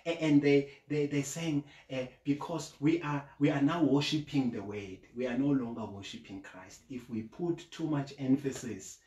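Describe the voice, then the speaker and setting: A man preaching a sermon from home, earnest and deliberate, rising to emphatic peaks on key points. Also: mid-range voice, dark tone, roomy sound. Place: at home during lockdown, in an echoey room.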